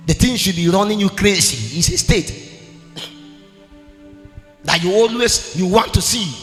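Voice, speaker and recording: Male preacher, high bright voice, fervent sing-song delivery, reverberant hall. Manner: impassioned, swings between shouting and sing-song. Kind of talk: sermon. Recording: long hall reverb with faint music.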